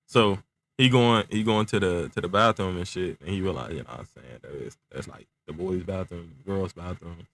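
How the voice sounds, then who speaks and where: Young man, low voice, laid-back slang, stuttering, talking around aligners, casual storytelling. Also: a little fast.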